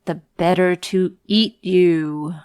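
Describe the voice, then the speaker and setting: A woman's voice: on the low side, steady tone, slow, a little mellow, clean tone, no room sound, studio quality. A woman voicing a sly big wolf from a storybook. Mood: menacing. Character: big cunning male wolf. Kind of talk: storybook read-aloud.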